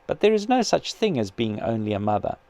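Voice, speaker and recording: A man reading aloud as a patient male spirit who gently and earnestly persuades his grieving sister. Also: mid-range voice, brisk, no room sound, voice pushed down. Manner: calm, kindly, earnest persuasion.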